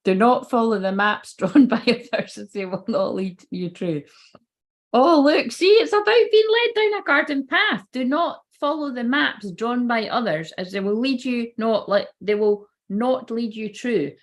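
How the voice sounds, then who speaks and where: A woman's voice: fairly high pitch, lively intonation, unhurried. A woman giving a casual, rambling livestream tarot reading, swearing freely and feeling unwell and tired. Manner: chatty, swearing, rambling asides. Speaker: tarot card reader.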